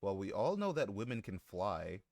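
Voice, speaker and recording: A man's voice: fairly low pitch, very animated, normal speed, darkish tone, no echo. A man live-streaming who chats casually with his viewers, joking, swearing and laughing often.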